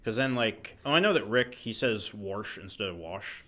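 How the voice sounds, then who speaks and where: A man's voice: medium pitch, animated, normal speed, sharp tone. A young man chatting on a podcast, easygoing and filling his talk with "like". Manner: lots of "like" fillers, easygoing. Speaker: podcast co-host. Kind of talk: casual chat.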